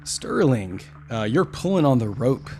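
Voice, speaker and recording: A man's voice: medium pitch, big pitch swings, a little slow, noisy background. A man running a tabletop fantasy game, describing scenes and calling for dice checks. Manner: theatrical, descriptive narration. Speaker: game master.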